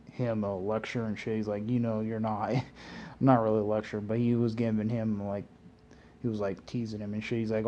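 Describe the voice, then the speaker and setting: A man giving a loose, rambling recap of a cartoon episode, swearing constantly and often clearing his throat. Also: on the low side, dark tone, slight background noise. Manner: loose and meandering, restarts often. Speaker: anime reviewer.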